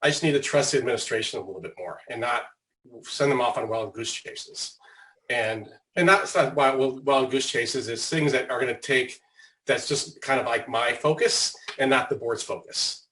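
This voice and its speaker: A man's voice: mid-range voice, normal speed, pushed and bright, slight background noise, poor audio. A man on a school board making reflective, hesitant remarks with many fillers and restarts.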